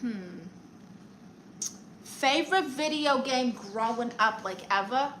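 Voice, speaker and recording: Her voice is a little high and a bit bright, with lively intonation, over slight background noise in a rough recording. She's a young woman from Brooklyn with a New York accent, answering viewer comments with sassy, playful quick comebacks on a casual home live stream.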